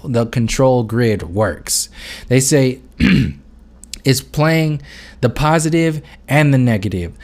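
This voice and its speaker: Man vlogger, loose and rambling, medium-pitched, swears a lot, talks straight to camera. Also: darkish tone. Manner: rambling, full of fillers and restarts, swears freely. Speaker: video blogger. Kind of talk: unscripted monologue.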